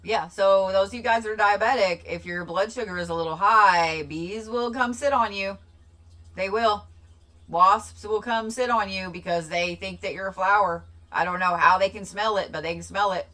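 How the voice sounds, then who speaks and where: Bright-voiced woman rambling on a livestream. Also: mid-range voice, moderate pace. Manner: rambling, repeats herself, excitable bursts. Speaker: livestream host. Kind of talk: casual livestream chat.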